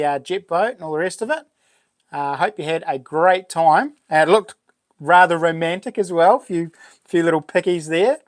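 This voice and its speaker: A man's voice: a little high, dry recording, clean studio sound. A man with a New Zealand accent hosting a livestream, chatting casually and upbeat, greeting viewers as buddy and mate. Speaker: livestream host. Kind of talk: casual chat greeting live chat.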